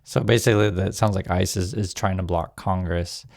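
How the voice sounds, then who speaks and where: A man's voice: sits low, fairly even intonation, normal speed, gravelly, darkish tone, slight background noise. A man hosting a casual news commentary channel, talking conversationally to his viewers with frequent fillers.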